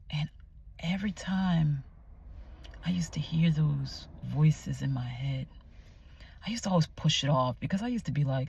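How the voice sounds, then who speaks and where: A woman vlogger sharing a personal faith testimony, candid and emotional, often dropping to hushed tones. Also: low-pitched, animated, unhurried, vocal fry, husky. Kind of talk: confessional personal storytelling.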